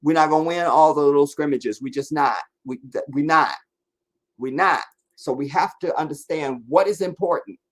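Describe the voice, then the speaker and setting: Blunt, emphatic man hosting a livestream. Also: normal speed. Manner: blunt, emphatic, profane, swings between low muttering and raised insistence. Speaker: livestream host answering chat. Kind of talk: live commentary responding to viewers. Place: sitting in front of a camera for a live stream.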